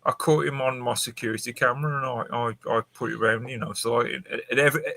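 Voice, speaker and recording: Stammering man on a casual podcast, bright voice, dry close recording. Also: mid-range voice, steady tone, vocal fry, no room sound. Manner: halting, many restarts and stammers.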